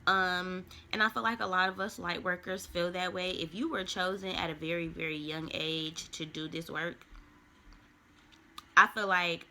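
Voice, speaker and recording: A young woman with a low, gravelly voice, talking loosely and casually to her viewers. Her tone is bright and forceful despite the low pitch. She rambles in slangy, relaxed speech. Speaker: tarot reader and spiritual vlogger. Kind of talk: casual rambling smoke-session chat.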